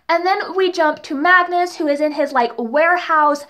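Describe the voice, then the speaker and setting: Young woman, high voice, casual review vlog, chatty, gushing, exasperated asides. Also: moderate pace, hardly any pauses, bright, forceful tone. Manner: chatty and gushing, full of "like" fillers, exasperated rhetorical questions. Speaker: TV and book reviewer.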